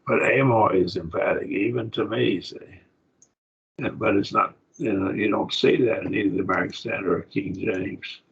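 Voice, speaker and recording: Bible class teacher, male, gravelly and breathy, lower voice, dull lo-fi sound, halting delivery. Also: fairly even intonation, a bit bright. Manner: halting, thinks aloud with restarts. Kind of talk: Bible study lesson on Greek text. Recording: dull lo-fi recording.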